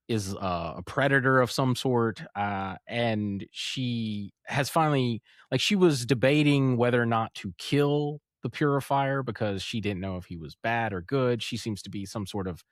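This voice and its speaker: Unhurried and fairly low in pitch, this man co-hosts a casual comic review podcast, animatedly retelling scenes, acting out quotes, and laughing a lot. The recording is dry and clean, with studio quality.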